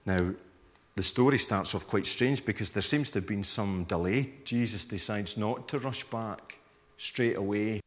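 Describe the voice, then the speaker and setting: A man preaching a sermon in a low, conversational voice. He keeps asking listeners to picture themselves in the scene, and a long hall reverb trails after each phrase. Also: a little slow. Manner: conversational, invites listeners to imagine the scene, acts out reactions.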